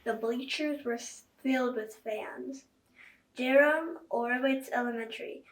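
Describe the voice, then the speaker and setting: A woman with a high voice reads a children's book aloud, chatting directly with young listeners at a measured pace and with fairly even intonation. She's recorded in an echoey room, far from the mic.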